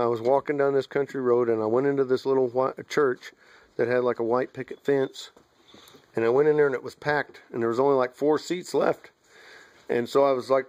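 A middle-aged man tells a vivid dream in casual, earnest storytelling. He rambles, restarts his sentences and adds asides as he goes. His voice sits at an ordinary middle pitch. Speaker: video maker telling a dream. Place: at home, outdoors near a house.

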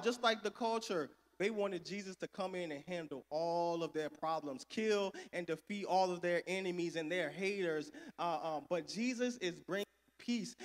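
A man preaching a sermon, calling for responses and swinging between loud and soft. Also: high voice. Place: church sanctuary. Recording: echoey church hall.

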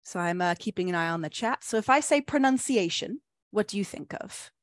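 A woman leads an online teacher-training webinar in an upbeat, encouraging way and reads chat replies back with quick praise. Her voice sits at a middle pitch. The sound is dry and close, from a computer mic. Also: expressive, dry recording. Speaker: webinar presenter.

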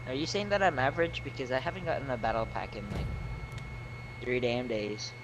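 A man grumbling quietly and dryly to his friends during online gameplay. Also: medium pitch, fairly quick, a little hiss or hum, rough recording. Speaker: gamer friend.

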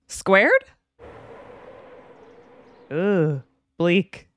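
A woman's voice: deep voice, expressive, normal speed, a little hiss or hum. A woman hosting a casual movie reaction, giggling and reading the on-screen text aloud. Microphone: headphones, close desk mic.

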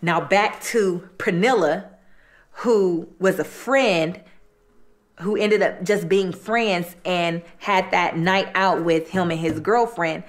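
A woman's voice: fairly low pitch, takes it slowly. Chatty woman retelling a true-crime story. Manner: colloquial, chatty, repeats phrases. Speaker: host.

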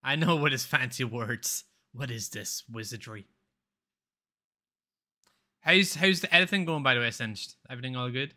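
A man's voice: medium pitch, moderate pace, pauses often, sharp tone. A man chatting casually on a live game stream, rambling, swearing freely and laughing often.

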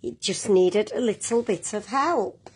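A woman reading a children's picture book aloud at a slow, careful pace. Her voice is husky and breathy, gentle, and she turns now and then to the young listeners. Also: mid-range voice. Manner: gentle, with asides to young viewers. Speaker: storyteller.

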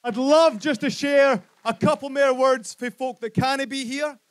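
A man's voice: extremely high pitch, fairly even intonation, a little slow. Chatty Scottish man compering a rally. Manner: chatty, jokey. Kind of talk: announcements at a rally.

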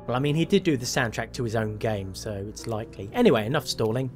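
A man's voice: mid-range voice, animated, fast talker, a little mellow. A man playing a horror game and commenting on it, wry and self-mocking as he thinks aloud. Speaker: gameplay commentator. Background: faint game music.

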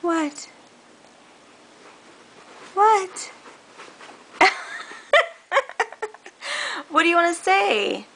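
A woman's voice: sits high, expressive, takes it slowly, creaky, pauses often, fairly bright tone. A woman coaxing her baby in a home video, with sing-song baby talk. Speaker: mother talking to her baby.

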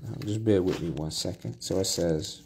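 A man's voice: low-pitched, normal speed, background noise. A man preaching a Bible study sermon, reading scripture aloud and then explaining it in plain talk with restarts and asides.

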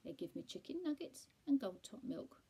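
A woman's voice: fairly high pitch, big pitch swings, normal speed, dark tone, slightly rough, voice pushed up, exaggerated voice. A woman voicing a fat, greedy male house cat who sounds meek and plaintive, in a storybook reading.

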